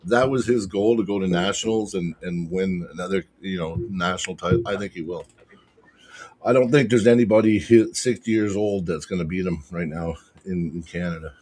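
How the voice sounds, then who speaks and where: A man telling a match story as a podcast guest, excitable and swearing constantly. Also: sits low, moderate pace, breathy edge. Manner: excitable, profanity-heavy retelling. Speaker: podcast guest, arm wrestler. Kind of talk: casual storytelling chat.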